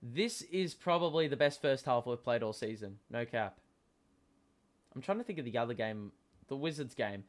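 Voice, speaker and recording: Excitable male sports watchalong host. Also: medium pitch, moderate pace. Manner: casual, many fillers, bursts of excited swearing. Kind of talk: live watchalong commentary.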